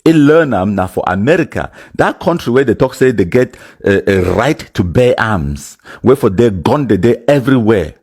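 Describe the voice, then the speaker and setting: A man's voice: mid-range voice, lively intonation, moderate pace, hardly any pauses, darkish tone, breathy edge. A man with a Cameroonian Pidgin English accent, giving casual spoken commentary and mixing Pidgin with English.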